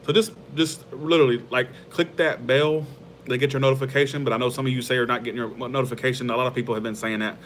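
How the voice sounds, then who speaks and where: A man's voice: medium pitch, fairly even intonation, fast, slight background noise. Chatty man hosting a livestream. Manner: rambling, heartfelt, laughs easily. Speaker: tarot channel host. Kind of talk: casual livestream chat with viewers.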